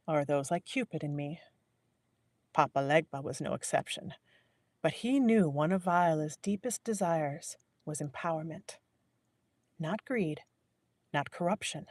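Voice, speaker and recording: A woman narrating a novel in a live audiobook reading, measured and willing to restart a line. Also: low-pitched, darkish tone, dry recording. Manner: measured, restarts lines to correct herself.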